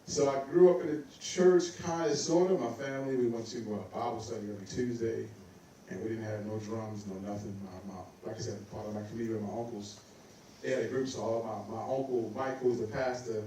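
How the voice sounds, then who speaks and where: A man's voice: fairly low pitch, brisk, a little hiss or hum. Guy saxophonist telling stories, laughing, doing voices, super echoey hall, mic kinda far. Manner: animated, laughing, acts out quoted voices. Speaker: guest saxophonist. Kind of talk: casual storytelling on stage. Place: recital hall on stage.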